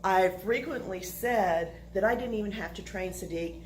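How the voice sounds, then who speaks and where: A woman telling a personal story to listeners, animated and laughing through the funny parts. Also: medium pitch, normal speed, noisy background.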